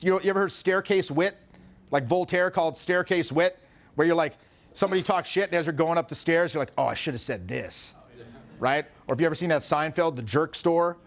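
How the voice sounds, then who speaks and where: A man in his forties, a social skills coach, talking casually in an animated, profane way and acting out other people's voices. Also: on the high side, brisk. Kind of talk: casual chat.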